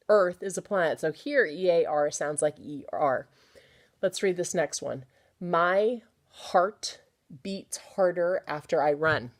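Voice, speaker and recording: A woman's voice: fairly low pitch, animated, measured pace. A woman teacher giving a recorded phonics lesson to children, patiently sounding out words and encouraging them.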